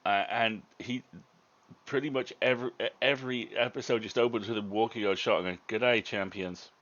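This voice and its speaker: A man's voice: mid-range voice, fairly even intonation, brisk, fairly bright tone. A man co-hosting a livestream in a casual chat, rambling and swearing freely. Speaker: co-host reading stories on a livestream. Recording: dull lo-fi stream audio.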